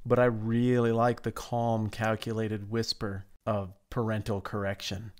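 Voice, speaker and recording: A man's voice: lowish voice, completely flat delivery, a little slow. A man co-hosting a podcast, chatting casually with wry, jokey asides. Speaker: podcast co-host.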